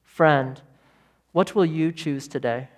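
A man preaching a sermon as pastor, emphatic, with repeated phrases and dramatic pauses. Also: on the high side. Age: adult parent of young children.

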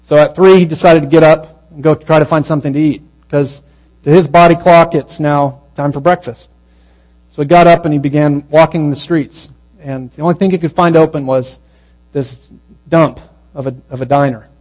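A man preaching a sermon, telling a story in a conversational way and dropping to a hushed, slow voice at its tender moments. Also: fairly high pitch, steady tone, poor audio.

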